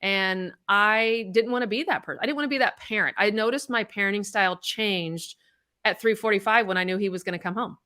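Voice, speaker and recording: Blunt, swearing woman with a bright voice. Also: mid-range voice, brisk. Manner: blunt, swears freely, animated storytelling. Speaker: podcast co-host. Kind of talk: candid casual chat.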